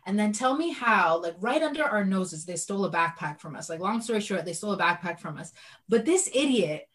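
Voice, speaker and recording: A young woman from Canada telling a story in casual chat, animated and full of fillers. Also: medium pitch, brisk, poor audio.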